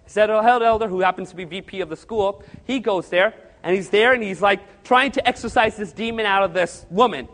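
High-voiced preacher telling a story. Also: male voice, a little fast, few pauses. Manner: animated, acts out the quotes in his story. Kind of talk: sermon storytelling. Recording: long hall reverb.

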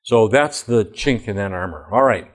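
A man's voice: fairly low pitch, animated, moderate pace. A middle-aged man, a former school principal, giving a plain-spoken presentation full of emphatic anecdotes.

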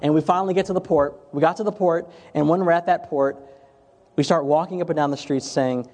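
Guy giving a casual teaching talk, kinda high voice, long echo like a big hall. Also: a little fast, darkish tone. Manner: conversational, repeats and restarts phrases. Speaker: health ministry presenter. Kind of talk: informal teaching talk with stories. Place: room with chairs before a group.

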